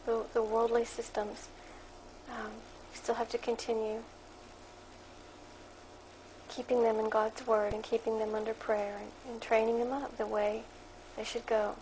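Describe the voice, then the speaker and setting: A woman with a somewhat high voice reads her dream aloud in a flat, even monotone. Now and then her commentary turns firmer. A faint hiss of room noise sits behind her. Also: measured pace, rough recording. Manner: monotone reading, then more emphatic commentary. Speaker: Christian blogger reading her dream journal. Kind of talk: reading aloud from a blog.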